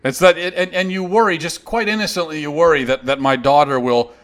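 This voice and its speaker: A man's voice: a little high, steady tone, brisk, a bit bright. A man hosting a show, delivering a heated, sarcastic opinion monologue in reply to a critic. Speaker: host.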